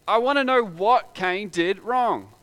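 Bright, clear-voiced male preacher. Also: high voice, a little slow. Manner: conversational, rhetorical questions. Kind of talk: sermon.

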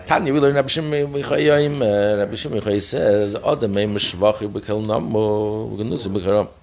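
A man's voice: fairly low pitch, normal speed, vocal fry, a little mellow. A middle-aged man teaching a daily Talmud page lesson, reading each phrase and explaining it in plain words, often correcting himself as he goes.

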